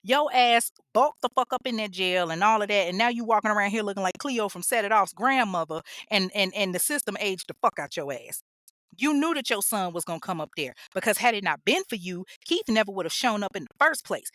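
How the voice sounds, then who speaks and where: A woman's voice: mid-range voice, lively intonation, brisk, fairly bright tone, no room sound, clean studio sound. A woman hosting a true crime podcast, ranting bluntly and scolding with heavy profanity. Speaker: podcast host.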